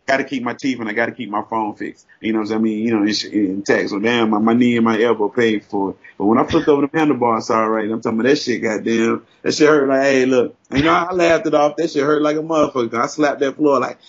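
A man co-hosting a casual podcast, telling stories in a profane, animated way. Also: medium pitch, quick pace, few pauses, breathy edge, highs cut off. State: sore from a fall. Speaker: podcast co-host. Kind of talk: casual chat.

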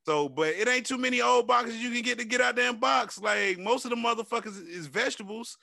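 Animated, profane man, gravelly and bright. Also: extremely high pitch, quick pace, dry recording, studio quality. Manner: animated, profane, acts out quotes in raised voice. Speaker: podcast co-host. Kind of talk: casual chat.

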